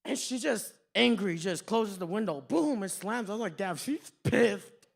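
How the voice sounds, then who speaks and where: A man doing a stand-up comedy set on a club stage, telling stories in an animated, profane way. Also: high-pitched, normal speed, creaky.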